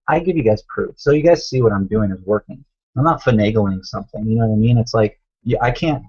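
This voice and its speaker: Man, motivational coach, emphatic and repetitive, husky low voice, muffled webcam sound. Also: darkish tone. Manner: emphatic, repeats phrases, addresses viewers as guys. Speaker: online business coach. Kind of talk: motivational live stream talk.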